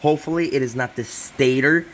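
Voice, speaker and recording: A man's voice: mid-range voice, fairly quick, slight background noise. A young man hosting a casual repair vlog in a hot garage, rambling and self-interrupting with apologetic asides. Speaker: channel host.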